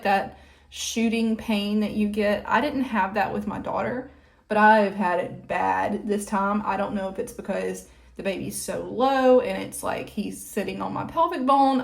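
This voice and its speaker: A young adult woman chatting casually while getting ready, rambling with lots of "like", a little out of breath. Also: medium pitch. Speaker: vlogger. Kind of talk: casual get-ready-with-me chat.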